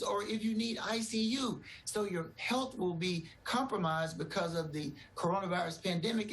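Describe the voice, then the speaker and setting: A man's voice: high voice, fairly bright tone, low-quality recording. A man, a doctor, giving earnest, reassuring explanations in a TV news interview.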